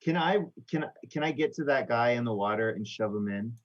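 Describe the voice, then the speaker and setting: A man's voice: mid-range voice, expressive, brisk, highs cut off. A man playing in a tabletop role-playing game, thinking aloud and working out his moves with some hesitation. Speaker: player.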